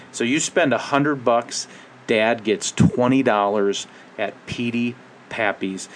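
Middle-aged male podcast host, low-pitched, wry rambling monologue, faint room hum. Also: fairly bright tone. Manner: rambling, wry, restless pace. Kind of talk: casual monologue.

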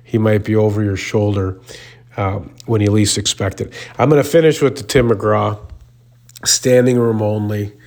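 A man's voice: fairly low pitch, steady tone, normal speed, a little mellow. A male radio host telling a rambling, self-mocking story in a casual way.

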